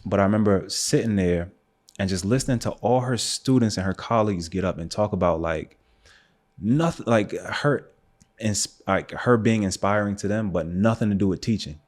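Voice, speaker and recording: A young American photographer with a fairly low pitch and a moderate pace is a guest on a podcast. He relates a personal story casually and easily, sprinkling in many fillers like "um" and "like."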